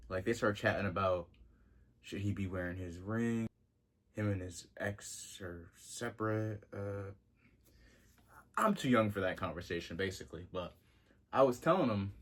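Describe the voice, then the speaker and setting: A young man in his twenties with a fairly low voice, chatting in a loose vlog style. He talks in slang and gets excitable, and his pitch jumps up when something catches his attention. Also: a little slow, pauses often. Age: 20s. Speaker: vintage clothing vlogger. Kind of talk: casual vlog talk.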